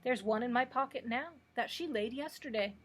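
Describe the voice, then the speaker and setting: A woman voicing a gentle, kindly male scarecrow in a mild, husky voice. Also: fairly high pitch, normal speed.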